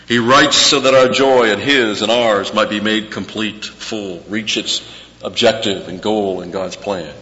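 A man preaching an expository sermon in a slow, deliberate cadence, his voice bright and forceful and a bit low. He repeats key words for emphasis. The sound is dull and carries a long hall reverb over a faint hum. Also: steady tone.

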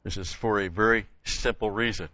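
A man's voice: lowish voice, fairly even intonation, moderate pace, pushed and bright, no echo. Older man preaching with emphatic stresses. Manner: emphatic, stresses key words, repeats phrases. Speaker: Bible teacher. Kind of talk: sermon. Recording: dull lo-fi sound.

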